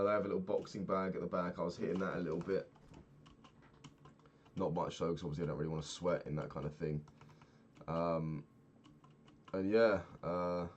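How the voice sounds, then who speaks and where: Low-voiced young man rambling casually. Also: slight background noise. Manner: rambling, swears freely, laughs often. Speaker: vlogger. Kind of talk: casual video-diary chat while gaming.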